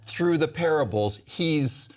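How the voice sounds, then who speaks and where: This Bible study host teaches emphatically at a discussion table, his lively-pitched voice animated as he quotes scripture with dramatic stress. He speaks slowly.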